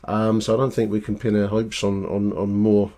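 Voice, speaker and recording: A man's voice: lowish voice, monotone, normal speed, warm tone. A man hosting a fan podcast, chatting casually and rambling as he responds to listener voicemails. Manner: chatty, rambling with fillers and restarts. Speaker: podcast host.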